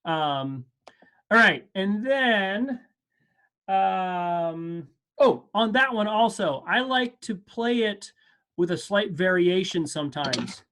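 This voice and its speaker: A man's voice: high voice, animated, slow pace, a bit bright. A man teaching an advanced percussion class over a video call, casual and encouraging, often stopping to correct himself. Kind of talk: online music lesson. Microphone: video call mic.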